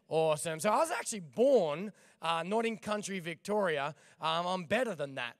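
A young Australian man preaching as a guest pastor to a church, energetic and joking with the crowd, his voice hoarse after nearly losing it. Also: high voice, moderate pace, no echo, clean studio sound. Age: young adult. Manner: energetic, jokey, calls out to the crowd. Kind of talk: church sermon.

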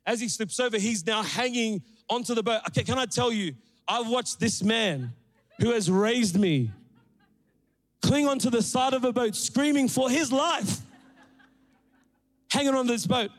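A young man preaching a sermon, telling a story with animated, acted-out quotes. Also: a little slow, pauses often. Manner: animated, acts out quotes with big pitch jumps. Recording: long hall reverb.

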